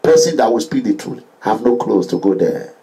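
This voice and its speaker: A middle-aged man from Edo State with a Nigerian English and Pidgin accent, delivering an impassioned political monologue that swings between low pleading and loud declaiming, with chanted refrains. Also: animated, moderate pace, rough recording. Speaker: political activist vlogger.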